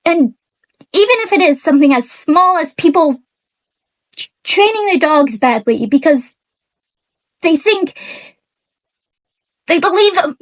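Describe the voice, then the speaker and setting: A woman's voice: very high voice, animated. A woman ranting in an unscripted vlog, angry and near tears, stammering and restarting her sentences, recorded on poor audio with an unplugged mic. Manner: angry, halting, stammering rant. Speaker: book reviewer.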